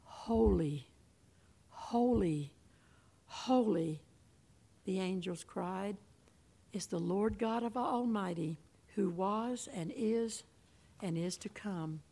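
Woman preacher, mid-pitched, slow and weighty sermon delivery, hushed to ringing. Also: creaky. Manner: dramatic, swinging between hushed and ringing. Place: room with a congregation.

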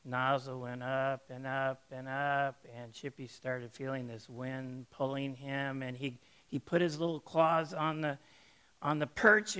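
A man preaching, telling a folksy, animated story to make a sermon point. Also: medium pitch, smooth.

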